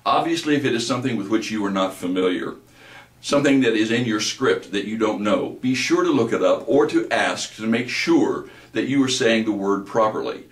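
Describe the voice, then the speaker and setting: A man lectures on voice delivery in a steady, instructive way. His voice sits on the lower side, and he draws words out slowly when demonstrating them. The recording is roomy, with the mic some distance away. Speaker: voice-over instructor.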